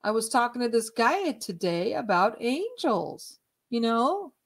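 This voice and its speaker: A high-voiced woman vlogging a night ghost hunt, her pitch jumping all over as she tells the story. She swears freely and talks unhurriedly, sometimes dropping to a hushed whisper. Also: measured pace. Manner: profane, laughing, excitable storytelling. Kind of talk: casual vlog narration.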